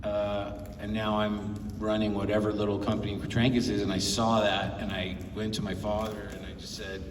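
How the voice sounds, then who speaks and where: A man's voice: lowish voice, monotone, normal speed, distant mic, background noise. Rambling man telling stories in an echoey hall. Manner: rambling, chuckling, acts out quotes. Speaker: film producer, panel guest. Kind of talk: anecdotal convention panel storytelling. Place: large convention hall panel.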